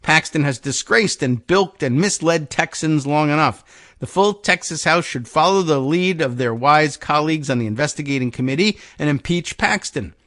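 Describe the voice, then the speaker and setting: A man's voice: a little high, expressive, normal speed, fairly bright tone, no room sound, clean studio sound. A male host reading news aloud and breaking in with wry, sardonic asides.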